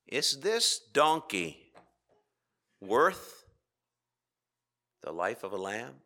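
A man preaching a sermon with rhetorical questions and dramatic pauses, swinging between loud emphasis and hushed asides. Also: mid-range voice, sing-song. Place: church.

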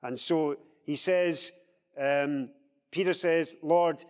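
A man leading a Bible study discussion, explaining scripture with lively acted-out quotes. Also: mid-range voice, normal speed, in a large hall. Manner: animated, acts out quoted speech in a raised voice.

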